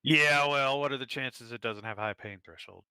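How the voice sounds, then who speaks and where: A man's voice: medium pitch, moderate pace, bright, forceful tone, clean tone, no room sound. A man playing in a tabletop game, questioning and arguing positions in a wry way. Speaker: player.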